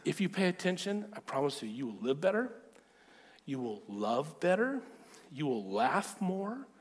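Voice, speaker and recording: Animated male preacher in a reverberant hall. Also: a little high, a little slow. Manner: animated storyteller, acting out quotes. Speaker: pastor. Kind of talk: storytelling sermon.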